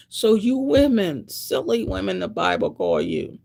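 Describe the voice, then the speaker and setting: A woman's voice: medium pitch, huge pitch swings, measured pace, gravelly, few pauses, a little mellow. A woman in her sixties giving a blunt, preachy monologue to camera, repeating her points. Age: 60s. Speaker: vlogger.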